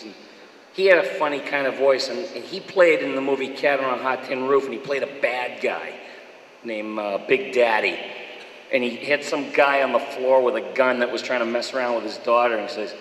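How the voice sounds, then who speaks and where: A male voice actor recounts his career with animated energy, often breaking into impressions. His tone is bright and forward. The room rings with a long reverb. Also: mid-range voice, slight background noise. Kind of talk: storytelling interview.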